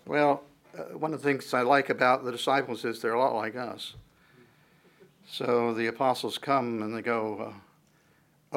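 A man's voice: mid-range voice, normal speed, gravelly, long pauses. A man giving a conversational sermon as a pastor, switching between explanation and playful dramatized asides, often restarting his sentences. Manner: frequent fillers and restarts, animated swings in loudness.

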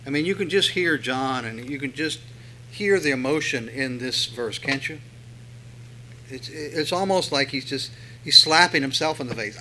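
A man preaching a sermon in a conversational way, asking rhetorical questions and swelling louder when he reads scripture. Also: on the high side, animated, moderate pace, slight background noise, rough recording. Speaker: pastor.

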